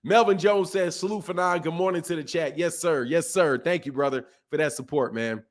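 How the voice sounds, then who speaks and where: A man with a fairly high voice riffs on a live stream in blunt, casual slang. He circles back to the same phrases again and again to hammer a point home, swinging between rising emphasis and low, muttered asides. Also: a little fast. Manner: blunt, animated, repeats himself for emphasis. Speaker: boxing channel host. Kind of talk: casual livestream commentary.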